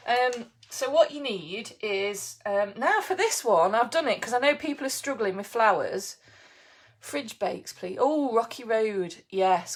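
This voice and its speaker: A woman who runs a bakery shop, hosting a chatty live baking demo, reading out viewer comments and laughing easily. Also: medium pitch. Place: home kitchen.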